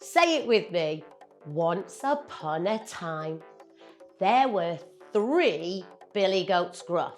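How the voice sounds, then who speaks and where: A young British woman telling a children's story in an animated, playful way, drawing her words out. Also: mid-range voice, drawn-out words, soft background music.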